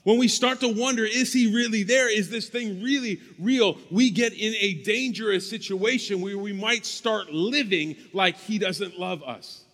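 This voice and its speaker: Pastor, male, high voice, emphatic sermon delivery with repeated phrases, church hall reverb. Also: unhurried, few pauses, a bit bright. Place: church sanctuary.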